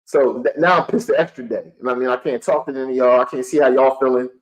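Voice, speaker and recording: Heated sports-show host ranting. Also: male voice, mid-range voice, steady tone, quick pace, poor audio. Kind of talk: live-streamed fan sports commentary.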